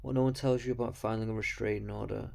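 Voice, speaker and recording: A man's voice: on the low side, fairly even intonation, quick pace, creaky, darkish tone. A man giving blunt, mocking, profane commentary on video clips. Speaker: commentary host.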